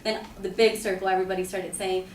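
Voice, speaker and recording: A woman's voice: mid-range voice, level tone, fast, background noise. A woman casually telling a personal anecdote, chatty and full of "like" and "you know". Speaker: storyteller. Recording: roomy echo, mic at a distance.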